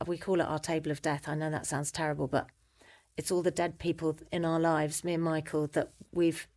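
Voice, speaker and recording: A middle-aged British woman, a guest in a conversation, telling a personal story in an animated way and acting out the voices she quotes. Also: sits low, a little fast. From Britain.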